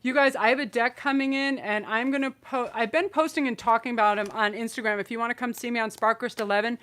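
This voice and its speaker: Talking fast in a fairly high, fairly bright voice with a steady tone, this woman leads a live tarot stream on her channel. She gushes emotionally and rambles through her messages, frequently starting over.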